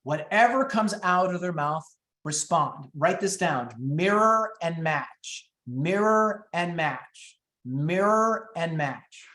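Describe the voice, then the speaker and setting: A man coaching real estate agents on phone scripts, talking fast and upbeat and acting out the calls. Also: lively intonation, pushed and bright, reverberant. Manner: high-energy, quick, acts out phone calls. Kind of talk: teaching sales scripts in a webinar.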